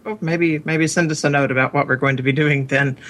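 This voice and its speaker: A man's voice: fairly high pitch, fairly even intonation, fairly quick, a bit bright, slight background noise. A man hosting a podcast in casual chat, hesitant, with many fillers and restarts. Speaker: podcast host.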